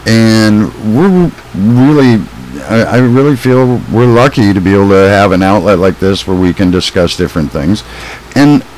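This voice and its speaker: A man's voice: on the low side, moderate pace, a little mellow, a little hiss or hum, rough recording. A man co-hosting a casual fishing podcast, rambling with restarts and frequent laughs. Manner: rambling, self-interrupting, laughs often. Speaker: podcast co-host.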